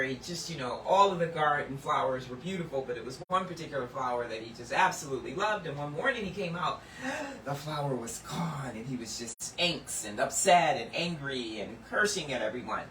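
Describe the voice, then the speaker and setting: A woman giving sermon-style Bible teaching, earnest and emphatic, lifting some lines high and dropping others low and hushed. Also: animated, brisk, hardly any pauses, roomy sound, far from the mic, slight background noise, low-quality recording.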